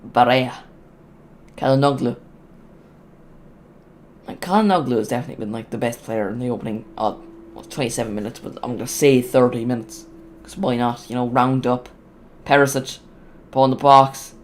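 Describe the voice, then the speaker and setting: A man commentating live on a football match as a streamer, chatty and rambling, getting loud on big moments, with his voice cracking. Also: medium pitch, normal speed, slight background noise. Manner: chatty, rambling, excitable on goals. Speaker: watch-along streamer.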